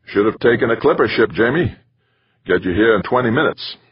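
A man's voice: mid-range voice, expressive, brisk, breathy edge, no room sound, muffled recording, voice pushed up. A man doing a wry, wealthy chairman. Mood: teasing. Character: wry wealthy man in a three-piece suit.

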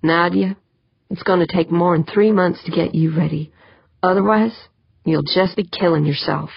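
A woman's voice: lowish voice, moderate pace, gravelly, a little hiss or hum. A woman voicing a blunt, practical and protective woman pilot, speaking drily. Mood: gentle. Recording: dull lo-fi dry.

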